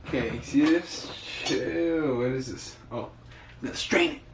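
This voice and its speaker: A man's voice: medium pitch, unhurried. Joking young man in an echoey kitchen. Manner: jokey, rambling, self-amused. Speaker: cooking vlogger. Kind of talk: casual cooking vlog chat. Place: home kitchen. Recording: echoey kitchen with cooking noise. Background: frying and sizzling.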